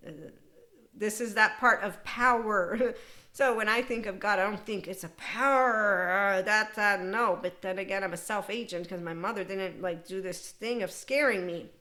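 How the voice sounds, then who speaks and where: A middle-aged woman hosting a podcast, talking in an animated, unscripted monologue, laughing often and slipping into quoted voices. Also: medium pitch, moderate pace. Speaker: podcast host.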